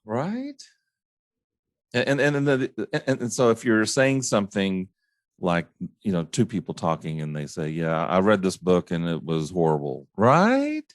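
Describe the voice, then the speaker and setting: A man hosting his own show, ranting casually about overused phrases, stumbling and restarting often and mimicking others in a high mocking tone. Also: no room sound, studio quality. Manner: halting restarts, repeats words. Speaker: podcast host. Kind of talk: casual solo rant.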